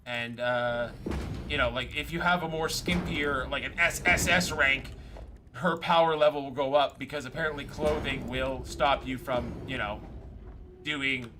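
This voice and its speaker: A man streaming a game, chatting casually and rambling excitedly through stories. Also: mid-range voice, a little slow, noisy background. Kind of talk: casual chat while gaming.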